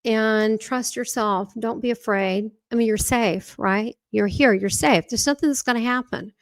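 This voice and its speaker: A woman's voice: a little high, a little slow, no room sound, studio quality. A woman being interviewed as a spiritual medium, talking animatedly and often breaking off and restarting her sentences. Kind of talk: casual interview chat.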